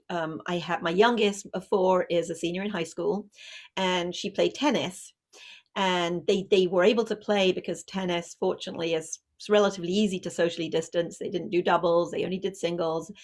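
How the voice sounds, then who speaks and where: A middle-aged woman, an author, giving a lively book talk and acting out family scenes. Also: lowish voice. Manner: lively storytelling, acts out scenes. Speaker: author and parenting speaker. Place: online video event.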